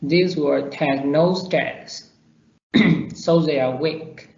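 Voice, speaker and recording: A man reading a class presentation on weak and strong word forms, slowly and deliberately. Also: a little high, vocal fry, a little mellow. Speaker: student presenter. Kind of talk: reading a pronunciation lesson. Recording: roomy, dull lo-fi recording.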